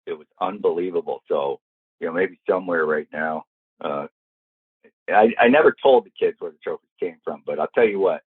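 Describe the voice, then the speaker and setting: A man's voice: low voice, a little fast, breathy edge, no room sound. An older man, a golf professional, telling a story as an interview guest, acting out the lines of the people in it. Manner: lively, acts out quoted lines in the story. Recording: tinny dry phone-like line.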